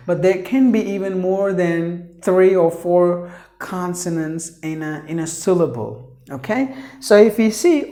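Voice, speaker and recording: A man's voice: sits high, warm tone, echoey room. A man teaching a pronunciation lesson, repeating each word several times and drawing it out for drilling.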